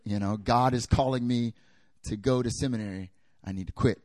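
A young adult man preaching a sermon, telling a personal story with lively, animated delivery and acting out the dialogue. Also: medium pitch, normal speed, no room sound. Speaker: pastor.

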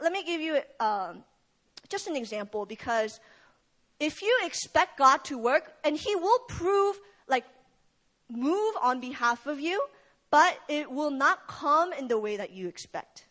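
A woman's voice: high voice, lively intonation, unhurried, fairly bright tone. A young adult woman preaching a sermon at a prayer meeting, retelling a story in a casual way with fillers.

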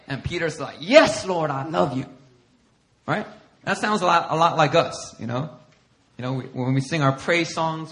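Guy preaching, super animated, bright voice, acts out the quotes and laughs a lot. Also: fairly high pitch, moderate pace. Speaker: pastor. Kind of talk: sermon.

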